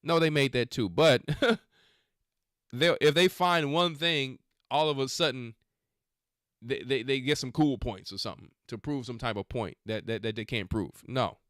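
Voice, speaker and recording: A man hosts a faith podcast, reacting to clips with scolding, preachy remarks in casual slang. His voice is smooth and resonant, recorded dry and close with no room sound. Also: medium pitch, normal speed, fairly bright tone, no room sound. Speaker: podcast host. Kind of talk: religious commentary on videos.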